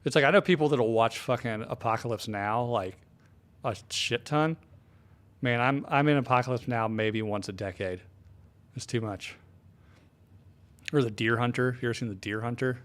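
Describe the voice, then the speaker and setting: A man's voice: mid-range voice, normal speed, long pauses, a bit bright. A man co-hosting a podcast, telling loose, profane stories in casual chat. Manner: loose, profane, laughing storytelling. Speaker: podcast co-host.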